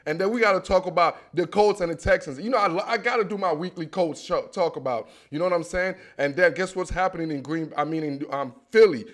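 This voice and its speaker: Animated slangy young man, fairly high voice. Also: brisk, hardly any pauses. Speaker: football show host. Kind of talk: casual sports commentary.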